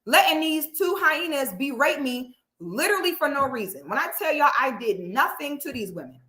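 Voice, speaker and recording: High, bright-voiced woman ranting profanely. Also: very animated, moderate pace, roomy sound. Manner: emphatic and profane, rants with rising intensity. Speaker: online commentator. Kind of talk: heated talk to camera.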